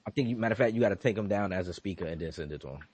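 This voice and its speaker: Husky man telling an animated story. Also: deep voice, racing, no room sound. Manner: animated storytelling, acts out quotes, swears. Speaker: podcast host. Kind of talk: casual wrestling recap chat.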